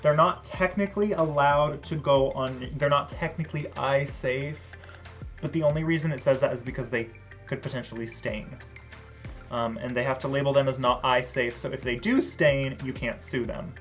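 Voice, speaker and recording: A beauty vlogger chatting casually through a product review, full of "like" and "um", sassy, swearing freely and bursting into loud excited exclamations. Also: mid-range voice, moderate pace, faint music behind. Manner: chatty, many "like" and "um" fillers.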